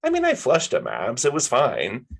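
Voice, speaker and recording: A man's voice: mid-range voice, huge pitch swings, normal speed, creaky, fairly bright tone, breathy edge, exaggerated voice. A man reading aloud, voicing a laid-back young woman friend who talks casually and upbeat. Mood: coaxing.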